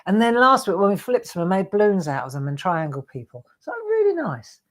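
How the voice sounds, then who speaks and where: A woman's voice: mid-range voice, big pitch swings, a little fast. An older woman, a craft show host chatting casually and rambling to viewers during a livestream.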